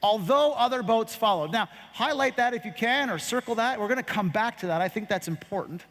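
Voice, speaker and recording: A man preaching a sermon as pastor, telling a story dramatically, slowing down and dropping his voice for effect. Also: sits high, lively intonation, fairly bright tone. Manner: dramatic, slows and drops voice for effect. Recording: long hall reverb.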